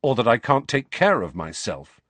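A man's voice: mid-range voice, big pitch swings, moderate pace, fairly bright tone, breathy edge, no echo. A man reading the part of a bitter, defiant teenage boy in an audiobook, in clipped, rising lines. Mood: angry.

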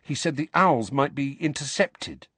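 Man doing a flustered teen boy pal, higher, blustery, dry close sound. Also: measured pace, fairly bright tone, husky, dry recording. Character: teenage boy, loyal, flustered best friend.

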